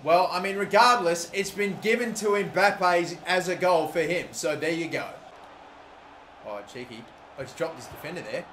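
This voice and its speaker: An Australian man commentating his own football video game career, calm musing that bursts into loud shouting at big moments. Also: high-pitched, moderate pace. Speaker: gaming YouTuber. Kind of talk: excited gameplay commentary. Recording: echoey room with faint noise.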